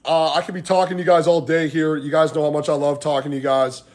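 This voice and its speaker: Talking fast in a flat, darkish voice on the high side, a man coaches fitness live from his home through a phone mic. He chats in a rambling, motivational way and keeps saying "like" and "guys."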